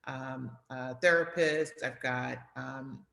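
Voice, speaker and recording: A middle-aged woman speaks as a guest over a video call. Her voice is bright and pushes hard. She repeats her key phrases for emphasis, and the sound is roomy and echoey. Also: rumbling low, fairly even intonation, takes it slowly, vocal fry. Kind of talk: casual video interview.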